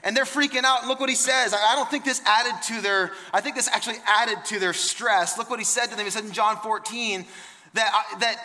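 A man preaching with a bright, forceful voice that rings out through a reverberant church hall. His delivery is emphatic and conversational, full of quick repeats and restarts as he presses his points. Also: sits high, fairly even intonation. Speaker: pastor. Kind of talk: sermon.

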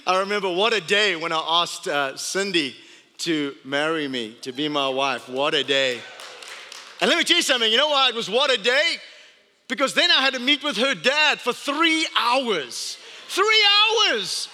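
A male pastor giving a sermon as animated, playful storytelling. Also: sits high, normal speed. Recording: long hall reverb.

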